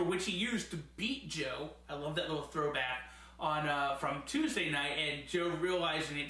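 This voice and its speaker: A man's voice: on the high side, sharp tone. A man giving a casual, enthusiastic spoken review as a host, rambling at times and laughing often. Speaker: wrestling show reviewer. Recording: very echoey room.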